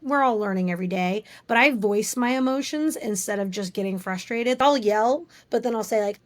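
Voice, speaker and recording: A woman's voice: on the high side, brisk, hardly any pauses, no echo. A woman in her thirties, a podcast guest, talking openly and telling stories with animation. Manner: open, animated storytelling. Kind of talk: casual interview chat.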